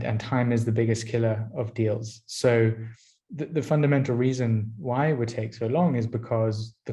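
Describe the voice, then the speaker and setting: Man, from France, company founder, interview guest, even and flat, mellow tone, measured explanations. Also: medium pitch. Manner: steady, explanatory. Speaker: founder and CEO, podcast guest. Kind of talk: interview answers.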